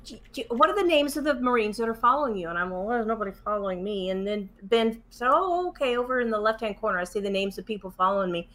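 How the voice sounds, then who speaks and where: A woman chatting casually, retelling a story with lively acted-out quotes. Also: mid-range voice, fast, hardly any pauses. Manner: lively retelling, acts out quoted whispers and shushing.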